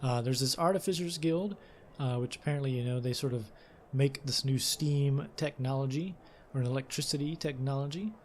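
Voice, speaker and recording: A man's voice: medium pitch, moderate pace, a little mellow, slight background noise. A man hosting a let's play, reading game text aloud and commenting casually, with fillers and self-corrections.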